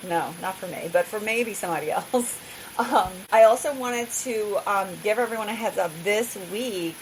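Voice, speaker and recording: A woman's voice: medium pitch, poor audio. A middle-aged woman hosting a podcast, talking candidly and casually, laughing often and filling her talk with "like" asides. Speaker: podcast host. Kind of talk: candid solo podcast chat. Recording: hissy recording.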